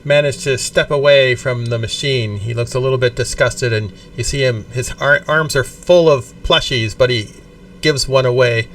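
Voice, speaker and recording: A man's voice: mid-range voice, moderate pace, fairly bright tone. A man running a tabletop game as game master, narrating in a casual, profane, descriptive way. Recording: distant mic with faint background noise.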